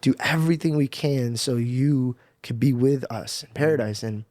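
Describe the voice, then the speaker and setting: A young man tells an emotional personal story in a casual, slangy way, like on a podcast. His voice sits at a middle pitch and is recorded up close and dry. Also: normal speed, a little mellow, dry recording. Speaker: podcast guest.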